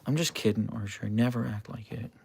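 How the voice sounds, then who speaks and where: A man hosting a casual livestream, playfully talking to his husky and reading chat, his pitch jumping up when he baby-talks the dog. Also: a little fast. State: sleep-deprived. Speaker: livestream host with pet huskies.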